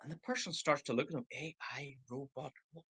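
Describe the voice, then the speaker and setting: A man's voice: medium pitch, steady tone, brisk, sharp tone, slightly rough, poor audio. A man in his sixties giving a motivational training talk over a video call, acting out replies in quoted voices. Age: 60s. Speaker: network marketing trainer.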